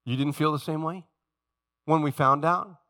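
A man preaching a sermon in church, animated and emphatic, acting out the voices of the story he retells. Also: fairly high pitch, moderate pace. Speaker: pastor. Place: church sanctuary.

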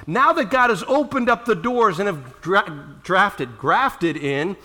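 A middle-aged man preaching a sermon as pastor, acting out quotes dramatically and swinging between loud and soft. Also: sits high, lively intonation, takes it slowly, few pauses.

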